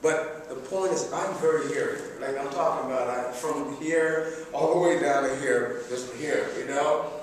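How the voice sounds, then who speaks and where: A middle-aged man giving a humorous speech, telling a self-mocking story in an animated, chatty way. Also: medium pitch, normal speed, far from the mic, slight background noise. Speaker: public speaker. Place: large hall. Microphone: distant room mic. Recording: echoey hall recorded from afar.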